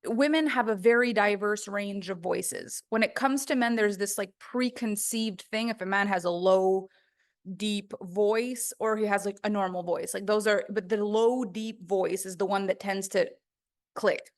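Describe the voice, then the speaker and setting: A woman's voice: mid-range voice, measured pace. A woman teaching a course on the voice in a casual, chatty way, full of "like" fillers. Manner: chatty, conversational, many "like" fillers.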